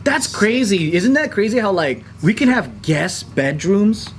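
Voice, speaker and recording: Dude with a kinda high voice teasing his buddies on a podcast. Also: big pitch swings, measured pace, slight background noise. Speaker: podcast co-host. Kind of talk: casual group chat.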